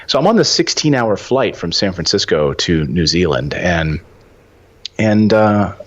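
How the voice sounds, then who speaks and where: A man in his forties telling a story as a podcast guest, animated and acting out the dialogue. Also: low-pitched, unhurried. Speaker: podcast guest, real estate investor. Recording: dull lo-fi audio.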